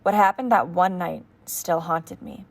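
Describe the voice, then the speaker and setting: A woman's voice: on the low side, measured pace, creaky. Woman narrating an audiobook. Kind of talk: first-person audiobook narration.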